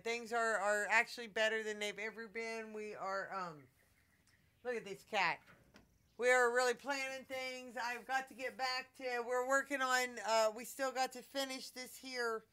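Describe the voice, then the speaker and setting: Middle-aged woman vlogger, chatty and coaxing, crisp voice. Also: a little high, sharp tone. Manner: chatty, coaxing, talks to her pets. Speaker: vlogger with pet monkeys. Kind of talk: casual home vlog.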